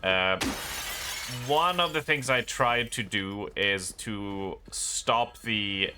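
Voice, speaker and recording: A man with a Swedish accent, a gaming streamer chatting casually on stream in a rambling, self-deprecating way with halting restarts. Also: lowish voice, pushed and bright, clean tone. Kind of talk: casual live-stream chat.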